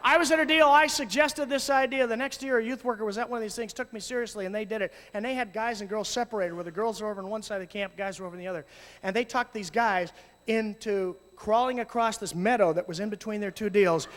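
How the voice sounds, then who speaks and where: A man telling lively stories to an audience as a youth ministry speaker, acting out voices and shouting at times. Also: high-pitched, fast. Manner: animated, acts out voices and shouts. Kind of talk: storytelling talk to an audience. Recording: long hall reverb.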